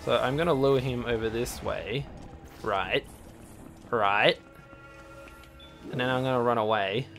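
A young man in casual let's play commentary, swearing a lot and bursting into yells at enemies. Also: mid-range voice, steady tone, unhurried, vocal fry, pauses often. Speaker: gaming channel host. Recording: faint game music behind.

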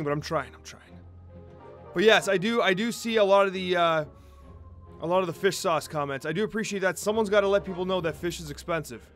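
A young man hosting a live game stream, giving energetic, chatty commentary and often repeating himself. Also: sits high. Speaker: streamer and host.

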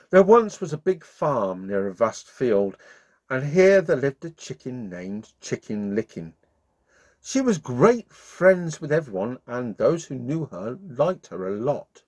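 This storyteller for the channel has a husky voice of medium pitch. Reading a bedtime story to kids, he keeps things playful and friendly, warm-hearted, and breaks into song along the way.

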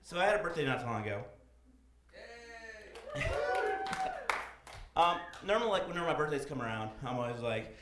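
A man doing stand-up comedy, telling profane, animated stories on a club stage. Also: medium pitch, brisk, long pauses. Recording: echoey club with audience noise.

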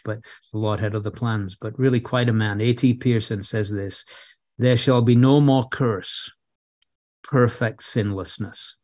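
A man preaching an expository sermon in a measured way, leaning hard on key phrases and now and then repeating words. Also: fairly low pitch, darkish tone, no echo, clean studio sound.

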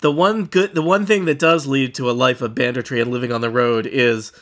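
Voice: medium pitch, steady tone, fairly quick. A game master running a tabletop game, narrating the action with a dry, wry wit.

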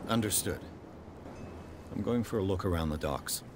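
A man's voice: low voice, moderate pace. An actor playing a curious, probing male private detective who is a war veteran. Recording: game audio with clear noise.

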